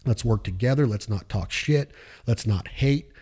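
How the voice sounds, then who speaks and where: A man's voice: lowish voice, normal speed, mellow, breathy edge. A man hosting a podcast, talking casually in a fired-up, preachy pep-talk way with slang and swearing. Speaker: podcast host.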